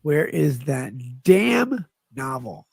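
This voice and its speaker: A man reads his livestream chat aloud with a gravelly, husky voice, drifting into loose, drunken tangents and swearing freely. He sits a touch high for a man's voice, and the sound is dry and close. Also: big pitch swings, slow, no room sound. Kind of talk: rambling livestream chat reading.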